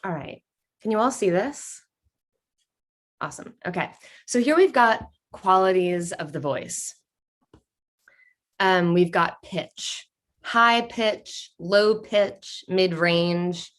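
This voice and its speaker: A woman's voice: on the low side, slow, pauses often. A woman leading an online workshop over a video call, playful and upbeat as she reads out answers from the chat. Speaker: workshop leader.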